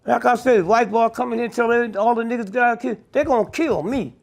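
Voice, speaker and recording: A gravelly, husky older man speaking. He tells stories in an interview bluntly and profanely, pressing the listener with a repeated "Huh?". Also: extremely high pitch, quick pace.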